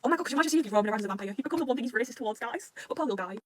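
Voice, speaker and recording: A woman with a slightly high voice rattles through a fan recap at breakneck speed. She swears freely and keeps bursting into excited, gushing shouts as she retells each scene. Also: very fast, a little hiss or hum. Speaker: manga reaction channel host.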